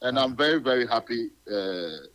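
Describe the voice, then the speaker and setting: A man's voice: mid-range voice, animated, normal speed, a bit bright. A man calling into a radio show, cheerful and rambling with many fillers. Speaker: caller. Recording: phone call on radio.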